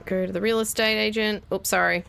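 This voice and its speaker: A woman's voice: mid-range voice, fairly even intonation, brisk, gravelly, fairly bright tone, a little hiss or hum. An Australian woman in her thirties giving casual, wry gameplay commentary and talking herself through each step. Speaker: gaming video host. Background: faint game music and keyboard typing.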